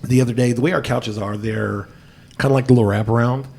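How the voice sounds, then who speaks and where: A man hosting a podcast, telling a story in a loose, profane, animated way and dropping "yo" constantly. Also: medium pitch, fast talker, creaky, breathy edge. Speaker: podcast host. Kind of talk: casual storytelling chat.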